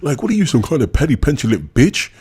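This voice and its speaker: A man's voice: on the high side, big pitch swings, fast talker, warm tone, husky. A man streaming, reading out messages and mocking them with scorn. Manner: mocking, scornful, laughs at what he reads. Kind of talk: ranting commentary reading messages aloud.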